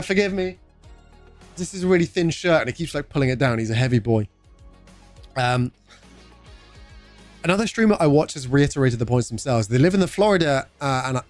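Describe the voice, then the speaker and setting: A man's voice: on the high side, no room sound. A young British man streaming live, chatting casually, greeting viewers by name and swearing freely. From United Kingdom.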